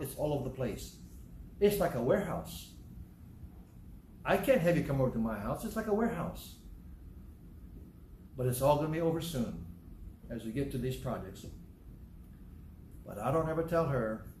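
A man's voice: medium pitch, a little mellow, roomy sound, a little hiss or hum. A man with a Southern American accent, preaching a sermon in a folksy, conversational way with personal asides, then leading a prayer. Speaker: pastor.

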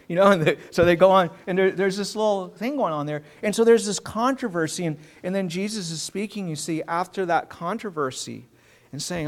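A man with a high voice delivers a sermon. He reads scripture aloud, then explains it in a relaxed, conversational way. He talks like a preacher teaching his congregation. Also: normal speed. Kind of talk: sermon with Bible reading.

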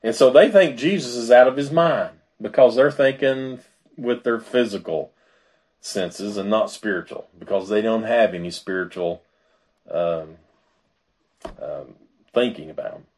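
A man's voice: fairly low pitch, lively intonation, measured pace, a little mellow. A man preaching a sermon in a conversational way, with fillers and asides. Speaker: pastor.

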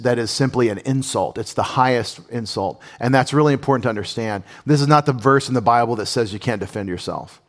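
Animated man preaching a sermon. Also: medium pitch. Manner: conversational, animated, asks the audience questions. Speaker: pastor.

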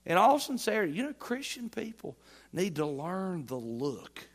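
A man preaching a sermon as pastor, folksy and playful, swinging between loud emphatic lines and quiet asides. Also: mid-range voice, lively intonation, fairly quick. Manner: folksy humor, playful mock dialogue.

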